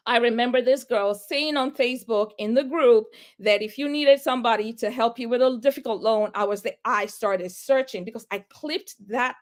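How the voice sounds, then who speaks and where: A woman real estate agent, a guest, retelling her story with lots of quoted dialogue and big swings in her voice. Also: on the high side. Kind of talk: animated storytelling.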